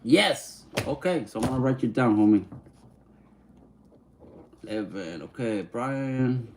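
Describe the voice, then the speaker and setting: An easygoing man hosts a relaxed livestream, reading viewer comments aloud and slipping between English and Spanish. He slowly sounds out unfamiliar names. His pitch sits in a middle range, and faint noise hums behind him. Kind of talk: casual live-stream chat, reading viewer comments.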